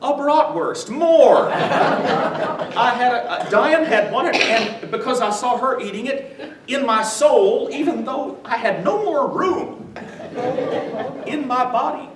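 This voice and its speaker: A man with a high voice lectures slowly to a church class, stopping often to prompt his audience to finish a sentence, and chuckling as he tells his stories. He is picked up from well across a roomy, echoing space. A faint hiss sits under the whole recording. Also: expressive. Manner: quizzes the audience with "what?" prompts; chuckles while telling stories. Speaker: visiting lecturer on the New Testament. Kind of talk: church adult-education lecture. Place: church meeting room with a live audience. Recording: echoey room from far off, faint noise.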